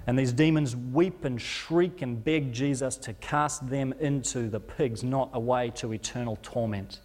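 A man's voice: mid-range voice, a little slow, darkish tone. Male preacher retelling in an echoing hall. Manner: vivid retelling that rises and falls in intensity, with stumbles. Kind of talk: dramatic sermon storytelling.

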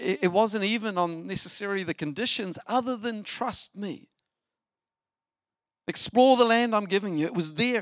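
High-voiced man preaching a sermon. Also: no echo, studio quality. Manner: animated preaching with rhetorical questions. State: short on sleep. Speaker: pastor.

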